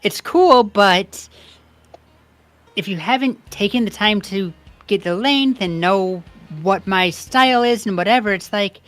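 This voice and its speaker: A woman's voice: mid-range voice, measured pace, fairly bright tone, no echo, soft background music. Chatty young woman streaming a game. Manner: rambling and chatty, reading game text aloud. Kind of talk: casual gameplay commentary.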